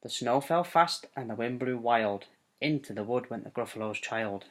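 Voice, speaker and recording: A father reading a rhyming bedtime storybook aloud to his child at home, in a gentle, sing-song way. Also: medium pitch, expressive, moderate pace.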